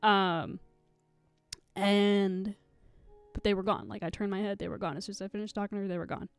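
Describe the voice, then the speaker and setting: A woman's voice: mid-range voice, a little fast, smooth, faint music behind. A young woman streaming live, telling a rambling story to her chat, swearing a lot and close to tears.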